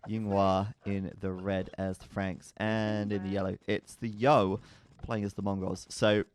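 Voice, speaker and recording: Chatty low-voiced male game caster. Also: level tone, measured pace, slight background noise. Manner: chatty, jokey, stumbles over names. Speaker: esports commentator. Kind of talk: casual game commentary.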